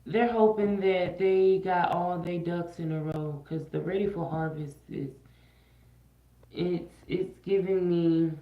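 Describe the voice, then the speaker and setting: A woman's voice: on the low side, fairly even intonation, slow. Slangy, chatty woman doing a tarot livestream. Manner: chatty and slangy, repeats phrases, sometimes half-sings. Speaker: tarot reader. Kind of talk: casual livestream tarot reading. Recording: echoey room, muffled lo-fi sound.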